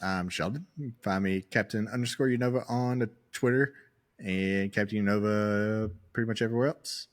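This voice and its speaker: Low-voiced man, playful short replies. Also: brisk. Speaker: podcast co-host. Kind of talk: casual podcast chat.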